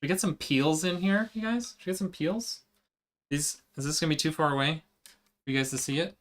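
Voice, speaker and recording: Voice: mid-range voice, brisk. A live streamer chatting casually with viewers while working, answering chat as they go.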